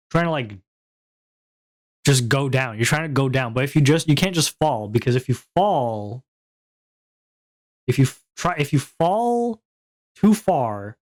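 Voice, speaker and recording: This man's casual solo stream has him talking straight to viewers in VTuber style, his voice at a typical male middle pitch. He rambles from topic to topic, mocking himself and laughing a lot.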